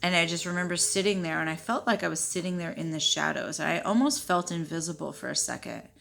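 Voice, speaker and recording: A woman in her thirties with a low, gravelly voice tells a personal story straight to camera. She swears freely and acts out the lines people said along the way. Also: fairly quick, a little hiss or hum. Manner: profane, animated retelling with quoted dialogue. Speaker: vlogger.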